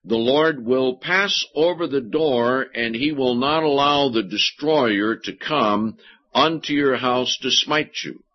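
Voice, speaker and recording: Deliberate husky preacher, lo-fi recording. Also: male voice, medium pitch. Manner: deliberate, slows to stress key words. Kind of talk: sermon with scripture reading. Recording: dull lo-fi sermon recording.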